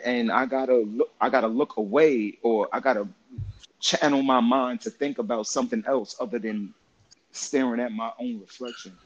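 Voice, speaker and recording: A man co-hosting a casual podcast chat, reflective and soft-spoken, often backing his partner up with short replies. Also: mid-range voice, breathy edge, muffled recording.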